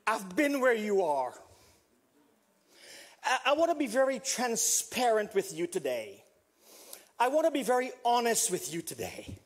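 An older man, a pastor with a Southern US accent, gives a funeral sermon marked by dramatic swings and acted-out quoted voices. He speaks in a very high-pitched, sing-song way, unhurried and pausing often.

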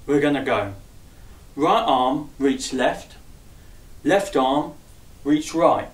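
A man's voice: medium pitch, animated, takes it slowly. A man teaching a dance routine in a chatty, upbeat, jokey way, calling out the steps and counting the beats aloud. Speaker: dance instructor. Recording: roomy echo, voice far from mic.

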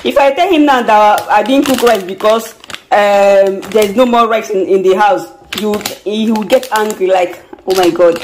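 A woman's voice: medium pitch, a little mellow, slight background noise, low-quality recording. Nigerian woman vlogger, casual home chat, fretful, repeats herself.

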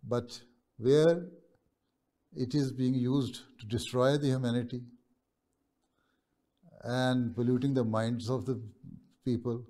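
Speaking as a religious leader, a man answers students over video, pacing himself with pauses and often adding "right?" to check they follow. The pitch is medium, the tone warm, and the intonation fairly even.

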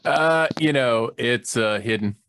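A man's voice: mid-range voice, slow, background noise. A man guesting on a casual stream chat, teasing with dry one-liners.

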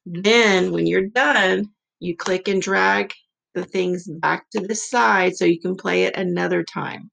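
Female teacher, low gravelly voice, slow and patient, phonics lesson over a computer mic. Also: a bit bright, low-quality recording. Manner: slow, patient, sounds out letters repeatedly. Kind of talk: remote phonics lesson for young children.

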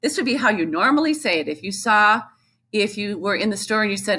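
A woman's voice: mid-range voice, a little fast, bright, forceful tone. A woman music teacher giving a recorded lesson to young children, explaining patiently and chanting rhythm syllables.

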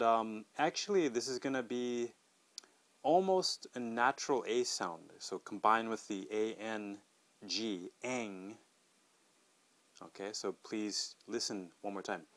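A middle-aged man hosting a podcast English pronunciation lesson, modeling words slowly and clearly and asking listeners to repeat after him. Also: fairly low pitch.

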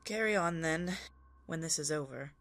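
A woman's voice: sits low, moderate pace, fairly bright tone. A woman voicing a dignified, weary older male starship captain with a dry, droll delivery. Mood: exasperated.

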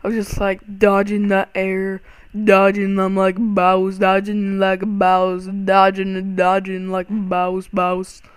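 A young man giving excitable, panicky let's-play commentary over a game, full of startled exclamations. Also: sits high, slow pace, smooth, dry recording. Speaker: gaming channel host.

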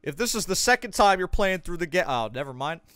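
A man's voice: high-pitched, sing-song, a little fast, fairly bright tone, no room sound. A man streaming a game, casually reading a guide aloud with sarcastic joking asides. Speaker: gaming streamer.

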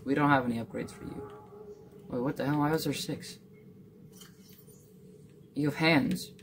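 A gamer in casual gameplay commentary, muttering playfully to themselves and to the game, with sudden excited outbursts. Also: medium pitch, normal speed, slight background noise. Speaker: gamer playing a survival game.

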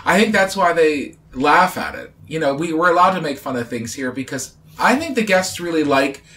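A man's voice: very animated, moderate pace, pushed and bright. A man, a comedian guest in casual chat aboard a cruise ship, joking dryly and playfully. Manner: playful, dry jokes, swings up and down in pitch.

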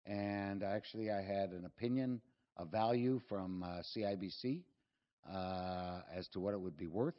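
A man's voice: sits low, normal speed, muffled recording. Rambling older man telling stories. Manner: rambling, self-deprecating storyteller. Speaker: guest speaker, real estate executive. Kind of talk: anecdotal talk to an audience.

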